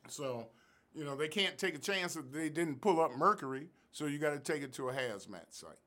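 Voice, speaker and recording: A man's voice: a little high, animated, normal speed, pushed and bright. A man, a professor, explaining environmental science in an interview with an emphatic, lecturing manner. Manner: emphatic, lecturing, stresses key figures. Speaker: professor and guest expert. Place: Sacramento area.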